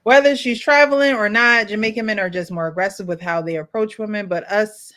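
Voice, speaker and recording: A woman hosting a casual group chat, animated and teasing. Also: medium pitch, brisk. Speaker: host.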